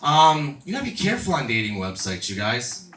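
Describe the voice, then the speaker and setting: A man in his thirties performs a crude, self-mocking stand-up set on a comedy club stage, bantering with a laughing crowd. His medium-pitched voice swoops wildly, runs a little fast and a bit bright. The echoey room is picked up by a distant mic, with a little hiss or hum.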